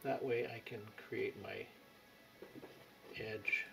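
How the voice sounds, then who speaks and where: Painting instructor, male, low gravelly voice, relaxed thinking-aloud delivery. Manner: thinks aloud while painting, with pauses and fillers. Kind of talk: unhurried painting tutorial. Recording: music playing behind.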